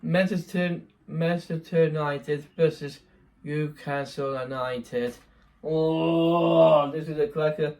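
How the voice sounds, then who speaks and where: A man's voice: on the high side, steady tone, takes it slowly, a little mellow. A young man chatting casually in a vlog, rambling, correcting himself and laughing often. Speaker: vlogger.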